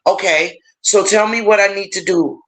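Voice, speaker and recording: A woman's voice: mid-range voice, normal speed, over a noisy crowd. A woman hosting a casual livestream, chatty and emotional, talking to viewers directly. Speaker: livestream host.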